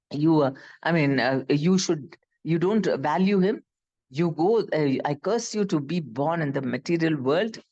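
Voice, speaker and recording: This medium-pitched speaker, addressing a class in an Indian English accent, brings a scripture story to life with animation while often stopping to fix what they're saying partway through a sentence.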